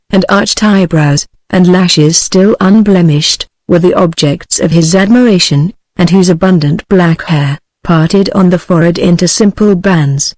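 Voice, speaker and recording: A synthetic woman's voice with a British English accent, reading a classic novel as an audiobook in an even, machine-read delivery. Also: on the low side, dry recording. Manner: even synthetic reading, same voice for all characters. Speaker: audiobook narrator. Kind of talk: text-to-speech audiobook reading.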